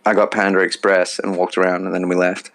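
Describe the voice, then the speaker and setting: A man's voice: low-pitched, completely flat delivery, brisk, fairly bright tone. A man co-hosting a podcast, casual chat full of swearing and teasing. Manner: swearing, teasing, laughs often. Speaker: podcast co-host.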